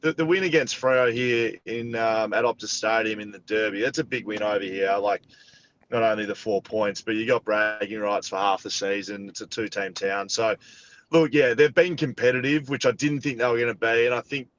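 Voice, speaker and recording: A man's voice: fairly low pitch, steady tone, moderate pace, a bit bright, muffled recording, a little hiss or hum. A man from Victoria with an Australian accent, a guest in a casual podcast chat who talks bluntly and swears freely.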